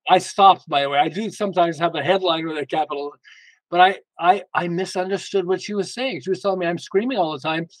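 Guest male, high voice, emphatic and lively, tells stories, dry close sound. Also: fast talker, no room sound, low-quality recording. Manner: emphatic, lively storyteller with frequent restarts. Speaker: guest author. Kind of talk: casual interview talk.

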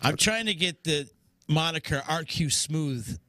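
A man co-hosting a casual talk show, animated, laughing often and acting out quotes in his stories. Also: on the high side, measured pace, a little hiss or hum. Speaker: co-host. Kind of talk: casual chat.

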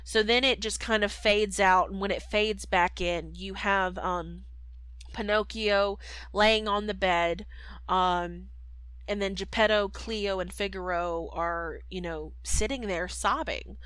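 A woman's voice: mid-range voice, steady tone, slow pace, fairly bright tone, clear, resonant tone, no room sound, rough recording. Casual woman podcast host recapping, lots of ums, dry close sound. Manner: chatty, lots of fillers and voices.

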